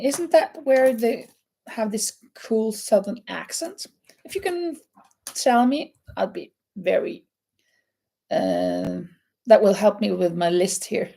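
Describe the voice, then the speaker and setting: A woman's voice: mid-range voice, creaky, mellow, husky. A woman hosting a live crochet chat, reading out quiz questions and answering viewers, laughing often. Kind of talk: casual live-stream chat.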